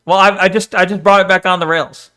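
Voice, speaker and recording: A man with a noticeably high voice, talking casually on a live stream. He rambles, reads his viewers' messages out loud and argues back with them in loose, unscripted talk. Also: fairly even intonation, fast. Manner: rambling, argumentative, reads chat messages aloud and answers them.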